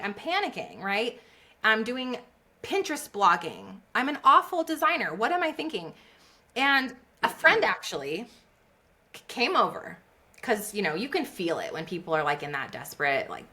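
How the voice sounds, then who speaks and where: A woman guest on a podcast, a business coach, telling her story in a lively conversational way and acting out what people said. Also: mid-range voice, normal speed. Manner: animated, laughs often, acts out quotes.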